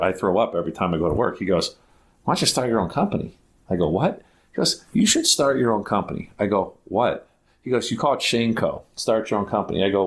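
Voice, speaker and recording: A middle-aged man, a guest on a podcast, telling a casual rambling story full of "like" and restarts, acting out the dialogue he quotes. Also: deep voice. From Ohio, United States. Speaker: guest, basketball academy founder.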